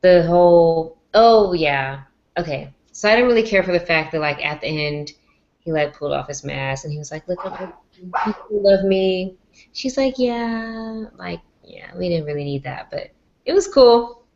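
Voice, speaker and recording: A woman chatting casually on a live stream, bubbly and gushing, her words full of "like". Her voice sits fairly low for a woman, and the sound is a bit dull and lo-fi. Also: lively intonation, moderate pace, gravelly, darkish tone. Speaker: guest in live chat. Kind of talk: casual chat.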